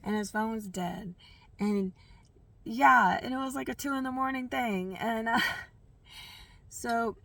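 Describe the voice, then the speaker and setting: A woman's voice: on the high side, slow, creaky, long pauses, bright, forceful tone, dry recording, far from the mic. A woman vlogger telling a personal story in a rambling, candid way, with lots of fillers and restarts.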